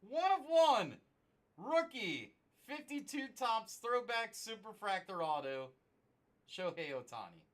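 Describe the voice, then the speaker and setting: A woman hosting a live card-break stream, shouting excited exclamations as she reveals cards. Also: fairly high pitch, slow pace.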